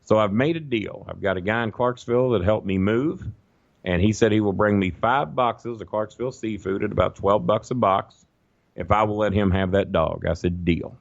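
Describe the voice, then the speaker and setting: Gravelly low-voiced man telling a profane story. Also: moderate pace, dry recording, lo-fi sound. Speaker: guest storyteller. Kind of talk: casual podcast storytelling.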